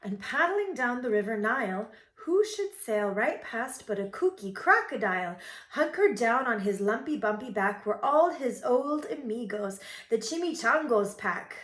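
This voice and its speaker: Expressive woman reading a children's story aloud. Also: fairly high pitch, a little slow. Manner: warm expressive storytelling, playful. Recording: roomy echoey room.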